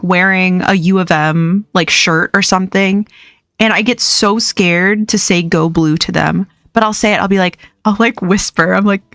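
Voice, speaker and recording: A young woman chats loosely while playing a game on a live stream, wandering from one thought to the next and laughing often. Her voice sits at a middle pitch and sounds dry and close to the mic. Soft music plays faintly behind her. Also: no echo. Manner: chatty, rambling, laughs often. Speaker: livestream host. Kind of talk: casual chat while gaming.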